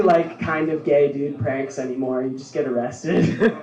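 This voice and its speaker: A young man doing a stand-up set in a deadpan way, laughing at his own jokes. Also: on the high side, a little slow. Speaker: stand-up comedian. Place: bar social club stage, heard from afar. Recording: echoey club from far off.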